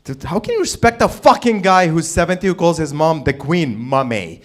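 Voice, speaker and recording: A man's voice: high voice, animated, brisk, a little hiss or hum. A man from the Middle East hosting an open mic, doing a brash, rambling stand-up set with swearing, in a small comedy venue on a stage mic. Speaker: comedy host.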